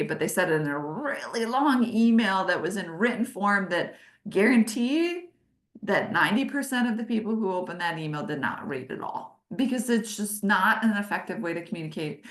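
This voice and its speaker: A woman in her forties teaches a leadership webinar over a video call, her voice sitting a bit low. She is animated and emphatic, talking with her hands and leaning into key words. The sound is roomy, with noticeable echo off the walls. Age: 40s. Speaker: leadership consultant hosting a webinar.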